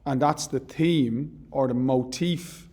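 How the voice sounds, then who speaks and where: A male teacher with a mellow, warm voice talks through a poem in a relaxed classroom manner. He explains terms conversationally, correcting himself as he goes, and slows right down to read verse lines aloud with care. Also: medium pitch, slightly rough. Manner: reads poem lines slowly and deliberately. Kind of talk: literature lesson.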